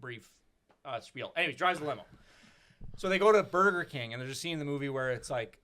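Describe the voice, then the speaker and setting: A man's voice: mid-range voice, fairly quick, sharp tone. A man on a podcast rambling through a movie scene in casual chat. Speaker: podcast co-host.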